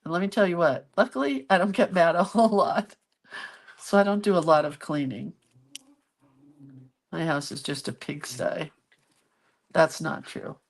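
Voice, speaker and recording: A woman's voice: on the low side, moderate pace, long pauses. Chatty woman crafting on camera. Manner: chatty, self-deprecating, talks to viewers while working. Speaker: craft vlogger. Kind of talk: casual chat while crafting.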